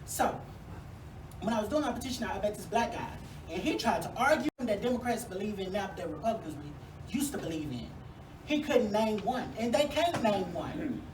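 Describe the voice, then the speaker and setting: A woman's voice: medium pitch, animated, normal speed, far from the mic, background noise. A woman, a congressional candidate giving a sassy, folksy, fired-up campaign speech at a forum. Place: venue hall at a forum. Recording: echoey room, mic from afar.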